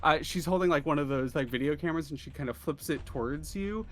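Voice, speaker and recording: A man's voice: a little high, quick pace, fairly bright tone. A man narrating as game master in a tabletop game, with a rambling delivery full of fillers.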